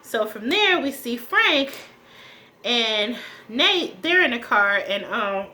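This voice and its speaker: A woman's voice: on the high side, sing-song, slow pace, pushed and bright. A woman chatting casually to her viewers while recapping a TV episode, with frequent fillers and asides. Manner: chatty, addresses viewers as y'all, many fillers. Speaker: TV recap vlogger.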